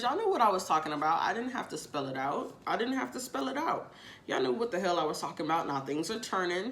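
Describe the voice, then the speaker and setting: A woman gives a casual tarot reading, speaking straight to her viewers in a chatty way, repeating phrases and swearing casually. Her voice is on the low side with a fairly bright tone, and there's slight background noise.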